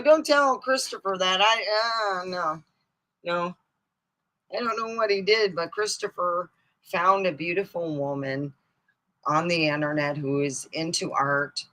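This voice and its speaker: On a live stream, a woman host tells funny family stories in a casual stand-up style, animated and often laughing or breaking into high, excited squeals. She's on a streaming mic, and the recording is rough.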